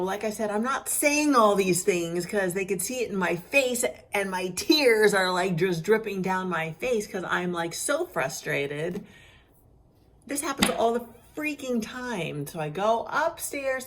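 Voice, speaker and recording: A middle-aged woman telling a frustrating story in a casual vlog. She is worn out from crying and acts out the other people's lines as she goes. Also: mid-range voice. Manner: animated, acts out others' lines in quoted voices. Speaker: vlogger sharing her cancer journey.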